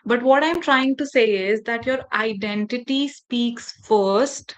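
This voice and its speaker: A woman's voice: a little high, slow. Woman trainer on a video call. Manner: engaging, asks the audience questions. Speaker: faculty development trainer. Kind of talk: online training session.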